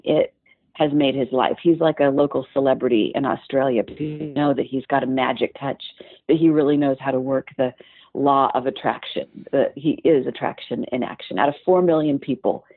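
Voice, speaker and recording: A woman co-hosting a talk show, telling a long story in a lively way with fillers and restarts. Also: low-pitched, slightly rough, no echo. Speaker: podcast co-host. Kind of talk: storytelling conversation. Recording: thin phone-like audio.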